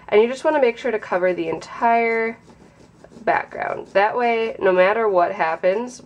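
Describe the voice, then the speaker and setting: A young woman hosting a casual craft tutorial, sounding nasal from a sinus infection and explaining in a chatty, relaxed way. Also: mid-range voice.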